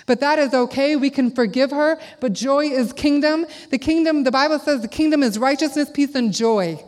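Middle-aged woman preacher, animated storyteller, higher register, reverberant church hall. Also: moderate pace, hardly any pauses. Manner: animated, acts out quotes in a high child voice. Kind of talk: sermon with storytelling. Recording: long reverb of a large hall.

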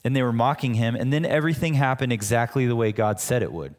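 A man's voice: medium pitch, fast. A man preaching a sermon as pastor, teaching in a conversational way with frequent restarts. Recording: long hall reverb.

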